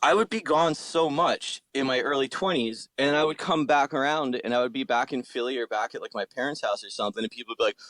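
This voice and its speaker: A man's voice: mid-range voice, quick pace, hardly any pauses, no echo, poor audio. A man in his thirties in casual chat, talking about his old bands, swearing freely and acting out what people said. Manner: swears a lot, animated, acts out quotes. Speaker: podcast guest, musician.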